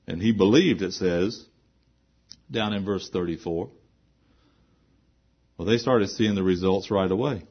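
A man preaching a sermon in a low, husky voice, dropping to hushed earnest talk and then rising to loud, emphatic preaching. He keeps putting rhetorical questions to the congregation. The recording is muffled and lo-fi. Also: lively intonation, unhurried, pauses often.

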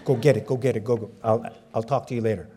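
A man playing his mother in a sermon story, quick and hushed as she shoos her son along. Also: medium pitch, fairly even intonation, pitched below the performer's own voice, lightly acted. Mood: hurried. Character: fussing hurried mother shooing her young son.

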